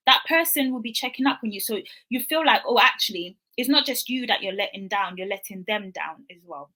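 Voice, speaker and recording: Woman, young adult, wellness speaker: bright voice, earnest and chatty delivery. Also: a little high, animated, a little fast. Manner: earnest, conversational, acts out quoted dialogue. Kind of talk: motivational talk.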